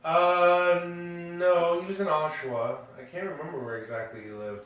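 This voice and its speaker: His voice is fairly high and a bit bright, steady in tone and moderate in pace, though the recording sounds muffled. As a podcast co-host he rambles through a casual story with fillers and restarts, laughing along at himself, captured on a distant mic in an echoey room.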